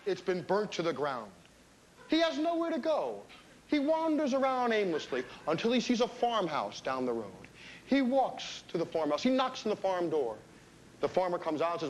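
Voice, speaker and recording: Animated New comedian. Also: male voice, sits high, normal speed, a little hiss or hum. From New Jersey. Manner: animated, playful joke-telling. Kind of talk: stand-up comedy. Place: comedy stage.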